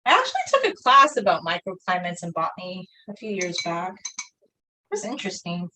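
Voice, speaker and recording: A woman's voice: lowish voice, very animated, moderate pace, noisy background. A young woman chatting casually while painting on a live stream, rambling through a story with lots of fillers like "like". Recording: voice a bit far from the mic.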